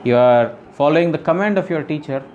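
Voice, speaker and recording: A man's voice: fairly high pitch, fairly quick, a little mellow, dull audio, a little hiss or hum. A man giving a devotional scripture lecture, explaining earnestly and repeating phrases with frequent "you know". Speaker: spiritual teacher.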